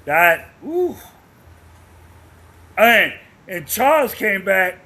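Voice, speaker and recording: A man in a casual chat who retells scenes with excitement and acts out his own reactions. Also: high voice, extremely slow. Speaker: podcast co-host.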